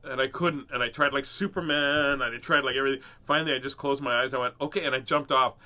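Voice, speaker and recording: A middle-aged man casually telling a personal story and then reading a picture book aloud, animated and chuckling often. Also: mid-range voice, fast talker. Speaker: host reading children's books.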